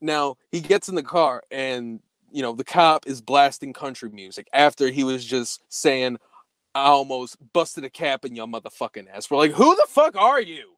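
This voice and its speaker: A young man telling a story in casual podcast chat, profane and animated, acting out the quoted dialogue. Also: medium pitch, moderate pace, no room sound.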